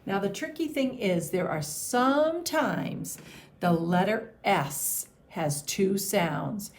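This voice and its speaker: Patient teacher lady sounding out letters for kids, really slow, some vocal fry. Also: mid-range voice, expressive. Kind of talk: phonics and handwriting lesson for young children.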